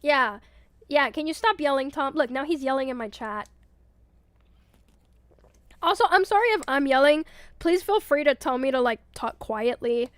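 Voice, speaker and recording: A young woman VTuber chats casually on a live stream, reading her chat aloud, giggling often, swearing casually and getting loud when excited. Her voice sits high, with a moderate pace and long pauses. She uses a headset mic with headphones, and there's no echo.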